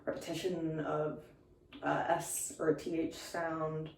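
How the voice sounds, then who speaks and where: A young woman with a low voice talks to her phone camera in a loose, rambling way, full of ums and restarts. A slight lisp slips in now and then. The room around her is echoey, with a faint hiss of background noise. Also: little pitch movement, slow pace, a little mellow, distant mic. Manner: rambling, many fillers and restarts. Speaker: vlogger. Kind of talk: casual chat.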